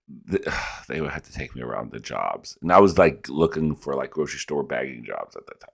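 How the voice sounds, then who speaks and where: Man, very low voice, profane, animated reaction-video storyteller. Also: fairly quick, vocal fry, breathy edge. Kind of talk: casual reaction commentary.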